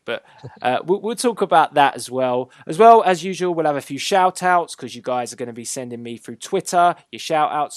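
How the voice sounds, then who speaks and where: A man's voice: mid-range voice, dry recording. A man hosting a casual wrestling chat show, upbeat and teasing, drawing out his announcements. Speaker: host.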